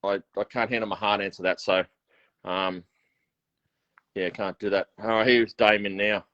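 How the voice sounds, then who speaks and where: An Australian man hosting a casual online catch-up, telling stories with quick laughs and lots of restarts. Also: lowish voice, steady tone, a bit bright. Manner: chatty storyteller, quick and laughing, many restarts. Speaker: host. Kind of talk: casual chat. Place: home workshop. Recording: lo-fi video call audio.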